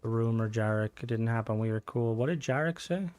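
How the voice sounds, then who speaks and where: A man streaming a game, chatting loosely with viewers while he plays, swearing freely and breaking into excited outbursts. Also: medium pitch, brisk. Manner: rambling, profane, reads and answers chat while playing; excitable outbursts during gameplay. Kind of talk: casual gaming livestream chat.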